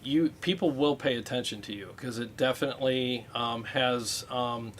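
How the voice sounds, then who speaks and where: A man hosting a casual livestream, talking about guitar gear in a relaxed, rambling way with many fillers. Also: medium pitch, moderate pace, a little hiss or hum.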